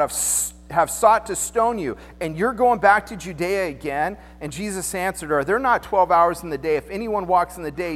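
A male pastor preaching in a loose, joking, conversational way, acting out the people he quotes. His voice sits high for a man. The sound rings with long reverb from a big church hall. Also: a bit bright. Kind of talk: sermon.

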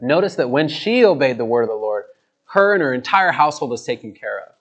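A man's voice: mid-range voice, sing-song, a little fast, fairly bright tone, dull audio. A man preaching a sermon, earnest, repeating words for emphasis as he reads and explains scripture.

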